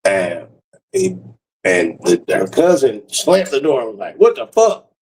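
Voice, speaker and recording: A man's voice: on the low side, sing-song, unhurried, creaky, a little mellow, recorded from a distance, a little hiss or hum, poor audio. A man telling a comic story casually, loose and profane, laughing often and restarting his sentences. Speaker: comedian.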